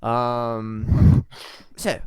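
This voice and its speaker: A young man running a tabletop game, rambling and often laughing at himself as he improvises. His voice is smooth and resonant, recorded dry and close. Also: mid-range voice, monotone, drawn-out words, a little mellow, dry recording. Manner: giggly, rambling, self-deprecating. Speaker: game master.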